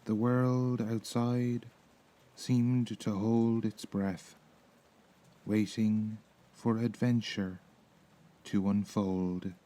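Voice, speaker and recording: A man with an Irish accent reading a sleep story in a soft, slow, soothing voice. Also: lowish voice, level tone, poor audio. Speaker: narrator.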